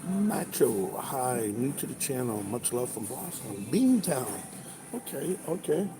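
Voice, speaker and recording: A truck driver's mid-range voice has an unhurried, sing-song lilt as he reads viewer comments aloud on a casual livestream over breakfast. The truck stop restaurant around him is loud.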